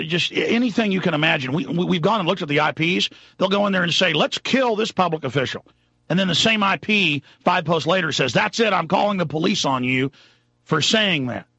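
Male talk radio host, rambling and fired up, husky voice with a dry, dull studio sound. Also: high-pitched, no room sound. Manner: impassioned, rambling, shifts between mutters and shouts.

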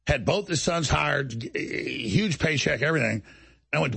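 A man's voice: mid-range voice, lively intonation, brisk, gravelly, a bit bright, husky. A man hosting a talk show, delivering an indignant monologue and acting out other people's lines as he tells the story. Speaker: show host.

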